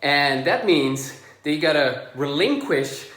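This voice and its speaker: A male coach speaks straight to the camera, a little out of breath, in a relaxed, chatty way that drifts through fillers and pauses. His voice sits on the higher side, and the room around him rings with echo. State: slightly out of breath. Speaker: social anxiety coach. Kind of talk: direct-to-camera video lesson. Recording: echoey room.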